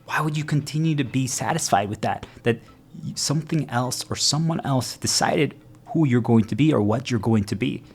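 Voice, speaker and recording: Faint music plays behind a man whose voice is slightly mellow and whose pace is normal. He's giving an earnest motivational talk, often making sure viewers follow him and jumping into quoted voices with sudden shifts in pitch.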